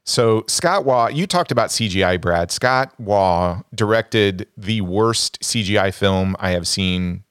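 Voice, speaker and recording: A lower-pitched man speaks in a dry, close-miked recording. He is a podcast co-host giving blunt, opinionated takes on films in casual chat. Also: slow pace, few pauses, a bit bright, clear, resonant tone, no echo.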